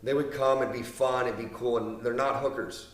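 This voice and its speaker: A man's voice: medium pitch, steady tone, normal speed. Blunt, profane man in a roomy space. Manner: blunt and profane, with emphatic repetition. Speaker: business speaker. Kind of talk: casual storytelling monologue. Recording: roomy, mic at a distance.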